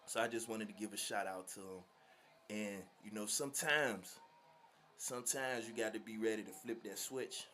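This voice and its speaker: A man from Virginia telling a story to his viewers in a slangy, animated, laughing way. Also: lowish voice, moderate pace. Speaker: vlogger. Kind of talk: casual storytelling.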